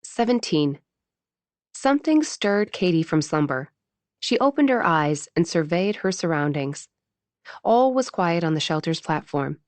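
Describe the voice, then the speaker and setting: A woman narrating a romance audiobook in a measured, intimate reading style on a close mic. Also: lowish voice, sing-song, darkish tone, no room sound.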